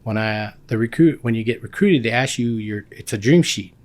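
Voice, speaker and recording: A man in his fifties from Guam, a guest telling casual stories about his army years, animated and full of restarts. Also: medium pitch, moderate pace. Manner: animated, acts out quoted dialogue with many restarts. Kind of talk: casual storytelling.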